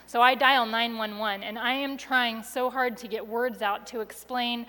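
A woman telling a personal story to an audience with expressive delivery, going soft and quiet at the tense moments. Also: a little high, unhurried, in a large hall.

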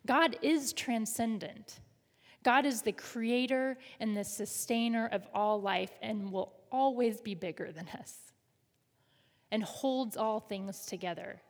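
A woman's voice: a little high, slow pace. A woman pastor preaching a sermon in a conversational way, leading the congregation in call and response. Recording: reverberant hall.

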